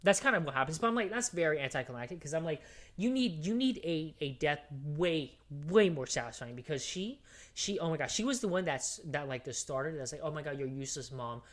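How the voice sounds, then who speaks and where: Excitable, foul-mouthed male podcast co-host. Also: on the high side, fairly quick. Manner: excitable, profane storyteller with many fillers; jumps between hushed recap and loud outbursts. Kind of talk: casual chat, retelling a movie plot.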